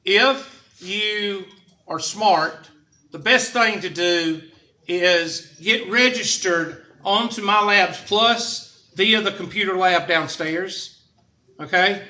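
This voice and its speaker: This math instructor has a high, bright, forceful voice and takes his time, joking sarcastically through the lecture. The classroom recording is dull and lo-fi, with faint noise underneath.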